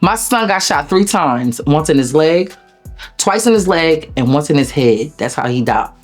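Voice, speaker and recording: A woman with a Delaware accent, an interview guest telling a personal story in a blunt, profane, animated way. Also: sits low, moderate pace, faint music behind. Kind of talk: emotional storytelling.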